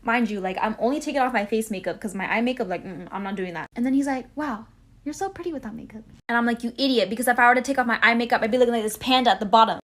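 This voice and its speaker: A woman's voice: on the high side, racing. A young woman casually telling a dating story, chatty with lots of fillers, acting out both sides.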